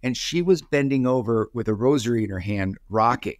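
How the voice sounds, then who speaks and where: A man's voice: medium pitch, brisk, no echo, studio quality. A man in his forties telling a childhood story in a casual, rambling way, full of fillers and restarts.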